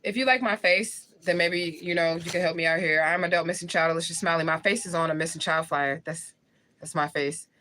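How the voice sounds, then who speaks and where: A woman's voice: on the low side, a little fast, bright, forceful tone. A woman in her forties from St. Louis, Missouri, chatting live with viewers and answering their comments, blunt and slangy, laughing often. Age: 40s. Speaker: livestream host. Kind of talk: casual live chat reading comments.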